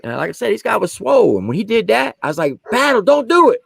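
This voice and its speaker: Animated male storyteller with a lively voice. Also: high voice, fast talker, creaky, slightly rough, no echo. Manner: animated, acts out quotes, casual slang. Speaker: podcast co-host, army veteran and former drill sergeant. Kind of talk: casual storytelling on a podcast.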